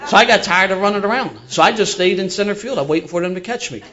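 Fast and high-pitched, the older guest from Philadelphia laughs through the casual tale he's telling with lively animation. Highs are cut off in the audio, and a faint crowd can be heard.

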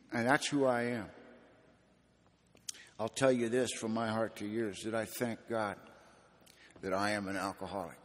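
A man's voice: lowish voice, fairly even intonation, normal speed, long pauses, in a large hall. A man giving a raw, plainspoken personal testimony as a speaker at a recovery meeting.

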